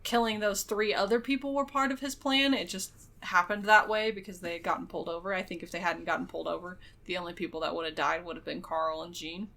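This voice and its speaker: Podcast co-host, woman, bright tone, rambling casual recap with fillers. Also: fairly low pitch, fairly even intonation, quick pace. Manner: rambling retelling with frequent fillers and laughs. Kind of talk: casual movie recap chat.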